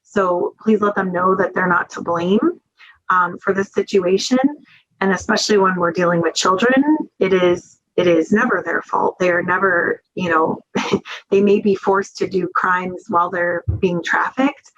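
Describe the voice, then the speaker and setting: A woman's voice: lowish voice, fairly even intonation, measured pace, a bit bright, dull audio. A woman giving a webinar training talk in an earnest, conversational way, with many fillers, over a video call. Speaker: webinar presenter.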